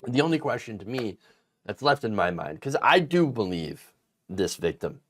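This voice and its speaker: Indignant male political commentator, very lively pitch. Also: normal speed. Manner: indignant, emphatic, frequent fillers and restarts.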